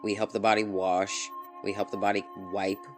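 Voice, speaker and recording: Busy, practical hands list their chores in a plain, quiet voice, put on by a man telling a story. They sound reasonable and hardworking. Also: on the low side, monotone, normal speed, soft background music, lightly acted. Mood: matter-of-fact.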